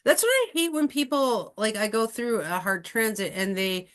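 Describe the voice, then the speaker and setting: A woman astrologer hosting a casual podcast chat, talking in an animated, chatty way with many fillers. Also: on the high side, moderate pace. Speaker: astrologer and host.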